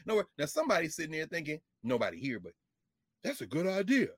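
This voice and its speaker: A middle-aged man, a professor talking politics in an impassioned, preachy way, with mocking quotes and bursts of shouting. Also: sits high, big pitch swings, fast talker, husky, no room sound. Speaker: professor and show co-host.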